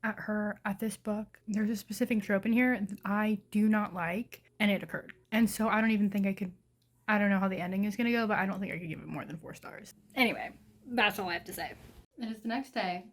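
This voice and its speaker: A woman's voice: mid-range voice, fairly even intonation, brisk. Chatty young woman gushing about books. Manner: chatty and gushing, heavy use of "like". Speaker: book vlogger. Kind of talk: casual reading vlog.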